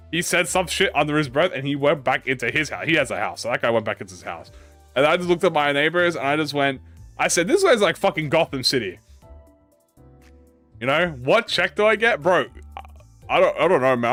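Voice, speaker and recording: A man's voice: on the high side, a bit bright. A young man, a gaming YouTuber, telling a rambling, profane anecdote in casual chat, with lots of restarts.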